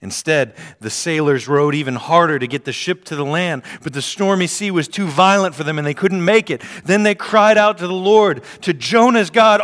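A man's voice: on the high side, lively intonation, normal speed, hardly any pauses, a bit bright. A man preaching a sermon, reading scripture aloud and repeating key phrases for emphasis. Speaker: pastor. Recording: long hall reverb.

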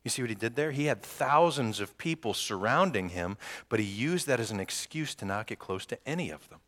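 A man preaching a sermon as pastor, lively and joking with the congregation. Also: mid-range voice, a little fast. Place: church sanctuary. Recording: long hall reverb.

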